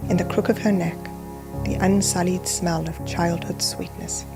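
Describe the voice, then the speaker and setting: A woman reading a reflective personal voice-over about being a mother, in a quiet, subdued and introspective way. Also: on the low side, fairly even intonation, moderate pace, gravelly, over music. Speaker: mother narrating a documentary.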